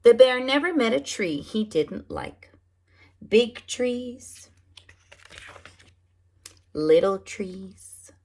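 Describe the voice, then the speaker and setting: A woman preschool teacher reading picture books aloud to young children, animated and often asking them questions. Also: fairly high pitch, very slow, pauses often. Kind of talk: storybook read-aloud for children.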